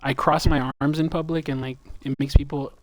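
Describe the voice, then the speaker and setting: A man's voice: a little high, level tone, a little fast, a little mellow, no room sound. A man streaming a game, chatting casually in a rambling, profane, joking way. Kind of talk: casual chat while gaming.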